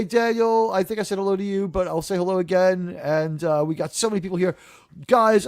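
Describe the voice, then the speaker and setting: A man hosting a casual live-stream discussion, chatty and animated, often acting out characters' lines. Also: high-pitched, dry recording, clean studio sound. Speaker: live show host.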